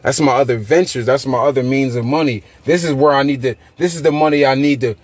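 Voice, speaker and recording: A young man, a podcast host telling profane, animated stories with loose repetitions. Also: mid-range voice, quick pace, husky. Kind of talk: casual chat.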